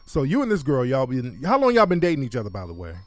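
A man's voice: medium pitch, huge pitch swings, fast talker, no room sound, faint music behind. A man hosting a casual advice chat, brash and joking, often laughing as he talks. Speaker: advice show host.

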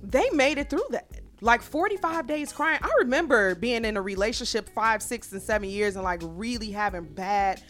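A woman's voice: a little high, expressive, moderate pace, a bit bright, faint music behind. A woman co-hosting a talk show, telling stories in casual, slangy speech. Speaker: co-host. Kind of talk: casual podcast chat.

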